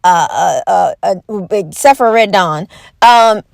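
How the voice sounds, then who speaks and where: A woman delivering an animated, exaggerated comedic rant to camera, folksy and emphatic, with repeated catchphrases and quick mock voices. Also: medium pitch, creaky, no echo. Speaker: vlogger.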